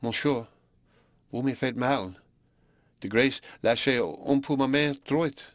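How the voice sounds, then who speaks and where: A man voicing a shy, earnest young Belgian woman, speaking softly and hesitantly. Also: mid-range voice, fairly even intonation, takes it slowly, no echo, pitched above the performer's own voice, close to an everyday voice. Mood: shy, tender. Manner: soft, quiet and hesitant.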